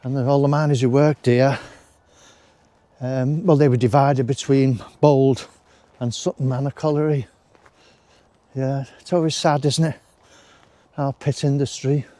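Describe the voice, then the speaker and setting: A man's voice: medium pitch, fairly even intonation, measured pace, long pauses, warm tone, no room sound. A man chatting casually as he walks outdoors through a wooded park, rambling along with friendly asides. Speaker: walking vlogger. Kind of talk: casual walking commentary.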